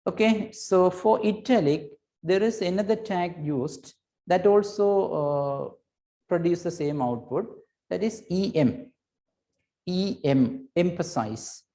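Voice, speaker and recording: Mellow-voiced male teacher, patient and repetitive. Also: high-pitched, slow. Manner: patient, repetitive explaining with frequent checks like "right?" and "okay". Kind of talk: recorded computer lesson.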